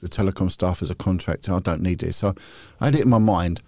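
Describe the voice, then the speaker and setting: A man's voice: low voice, fast, warm tone, no echo. A middle-aged man, a podcast guest and former police detective, telling rambling, candid stories in casual chat. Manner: candid, rambling, chatty with frequent restarts. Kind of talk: casual anecdotal storytelling.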